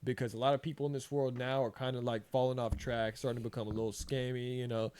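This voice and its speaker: A man's voice: medium pitch, level tone, fast talker, darkish tone, a little hiss or hum. A man hosting a podcast interview, chatty and encouraging, peppering his talk with "you know" and "man". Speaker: podcast host.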